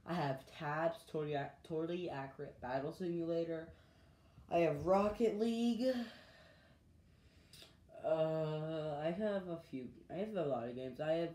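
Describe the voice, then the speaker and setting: A man's voice: on the high side, mellow. Rambling, chatty male vlogger. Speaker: channel host. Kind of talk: casual gaming vlog chat. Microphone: iPad mic. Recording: echoey room.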